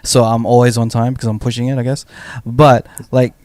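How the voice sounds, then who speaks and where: A man co-hosting a relaxed podcast, telling stories at length and often restarting his sentences. His voice sits at an ordinary middle pitch and sounds dry and close, with little room around it. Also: a little fast, dry recording. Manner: rambling, frequent restarts, storytelling. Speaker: podcast co-host. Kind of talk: casual podcast chat.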